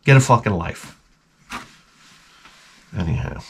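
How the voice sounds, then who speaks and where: A man's voice: on the low side, expressive, slow pace, slightly rough. A man vlogging in a rambling, profane monologue, swearing often and breaking into mouth sound effects. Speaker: retro gaming vlogger.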